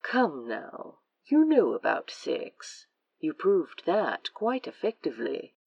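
A woman voicing a gentle, affectionate man who speaks softly and coaxingly, at times in a whisper, in a fan audio drama. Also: lowish voice, very animated, slow pace, gravelly, breathy edge, dry recording, far from the mic, dull audio, full character voice. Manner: soft, tender, sometimes whispered.

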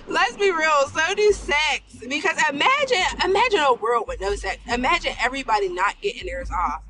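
A woman's voice: sits high, big pitch swings, normal speed, over music. A woman hosting her own podcast, talking frankly in slangy casual speech and laughing often. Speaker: podcast host. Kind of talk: casual solo podcast talk.

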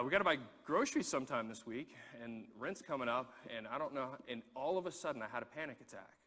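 A pastor delivers a sermon, animatedly telling a personal story and repeating words as he gets going. His voice sits at medium pitch, with a long reverb tail.

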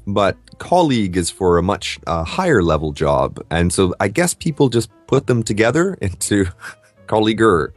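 A man co-hosting an English lesson, relaxed, saying example words aloud. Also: lowish voice, normal speed, husky, dry recording, soft background music. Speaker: native-speaker co-host. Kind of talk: casual podcast lesson.

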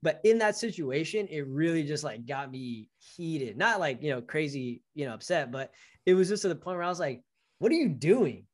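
A young man co-hosting a casual chat, telling stories in an animated way and acting out the lines of people he quotes. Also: fairly high pitch, normal speed. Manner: animated storytelling, acts out quoted dialogue. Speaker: podcast co-host.

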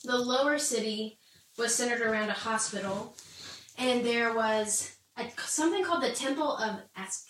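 A Bible study co-host, a woman, explains history in a casual discussion, chatty and laughing often while saying "like" a lot. Her voice is on the high side and a bit bright at a normal speed, picked up off-mic in an echoey room with faint noise and faint music behind.

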